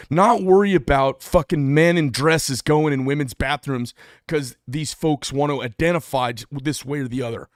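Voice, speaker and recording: A man's voice: fairly high pitch, normal speed, no echo. Guy ranting on his channel, blunt and swearing a lot, heated, dry close sound. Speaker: channel host. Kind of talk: political rant to camera.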